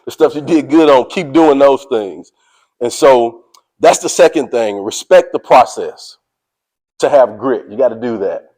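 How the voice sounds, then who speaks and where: Energetic man preaching grit to a team. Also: medium pitch, unhurried, rough recording. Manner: energetic, preachy, calls out to listeners; casual slang, drawls "y'all". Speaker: motivational speaker. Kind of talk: motivational speech to a team.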